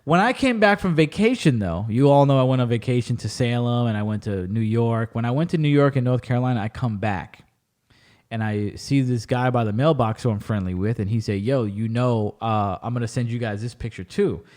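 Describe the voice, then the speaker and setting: A man hosting a podcast, chatting casually and telling animated stories with plenty of swearing. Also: medium pitch, a little fast. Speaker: podcast host. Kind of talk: casual chat.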